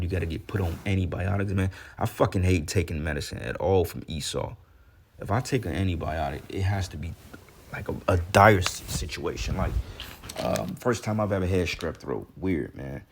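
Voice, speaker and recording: A man's voice: low voice, a little hiss or hum. A man with a congested voice giving casual, heated religious talk, profane and ranting, with scripture readings between. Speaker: religious commentator.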